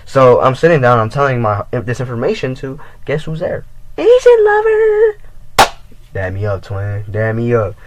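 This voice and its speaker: A man's voice: medium pitch, animated, normal speed, few pauses, background noise. A teenage boy telling a rambling storytime in casual, profane slang. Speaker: vlogger.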